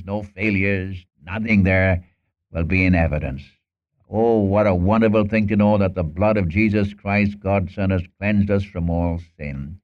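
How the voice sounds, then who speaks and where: Male preacher, earnest sermon delivery, slightly low voice, dull old recording. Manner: earnest, acts out Bible dialogue.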